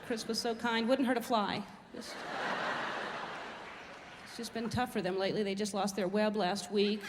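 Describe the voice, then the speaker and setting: Speaking at medium pitch with fairly even intonation, a moderate pace and long pauses, a middle-aged woman performs stand-up in a large theater for a live crowd. She rambles, mocks herself and observes everyday life, and the hall echoes with crowd and background noise.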